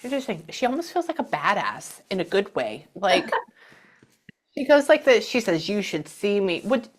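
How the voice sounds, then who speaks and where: A woman's voice: mid-range voice, big pitch swings, normal speed. A middle-aged woman giving a psychic reading, chatting away and acting out the messages she passes on. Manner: chatty, relays messages with quoted voices.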